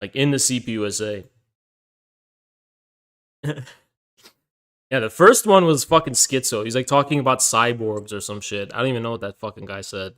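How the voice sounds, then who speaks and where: A man's voice: medium pitch, lively intonation, normal speed, pauses often, fairly bright tone. A man chatting casually on a stream, swearing a lot and breaking into helpless laughter. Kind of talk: casual live-stream chat.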